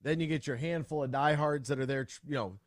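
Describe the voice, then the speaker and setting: A young adult man hosting sports talk radio, talking casually and ranting with sudden loud outbursts. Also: a little high, brisk, no room sound, studio quality.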